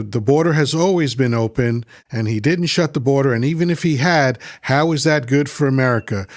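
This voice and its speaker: On a dry, clean studio recording, a medium-pitched man hosts a livestream, reading comments from chat and combatively mocking them. His heated political rant is full of repetition.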